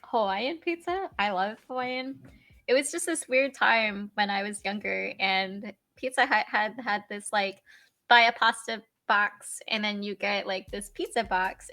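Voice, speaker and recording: A young woman guest chatting casually on a live stream, telling animated stories and voicing little asides. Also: mid-range voice. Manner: chatty, animated storytelling with laughs and voiced asides. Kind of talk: casual chat.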